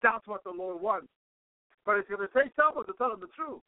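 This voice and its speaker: High-voiced man preaching over a tinny line. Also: animated, a little fast, no room sound. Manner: fervent, peppered with praise-the-Lord interjections; repeats and restarts phrases for emphasis. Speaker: radio preacher. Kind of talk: radio sermon. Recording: narrow phone-like radio line.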